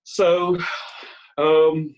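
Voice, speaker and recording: A man's voice: fairly high pitch, little pitch movement, extremely slow, lo-fi sound. A man in his sixties giving a personal recovery share on a video call, telling his story candidly with self-mocking asides and hesitant ums. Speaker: Al-Anon speaker.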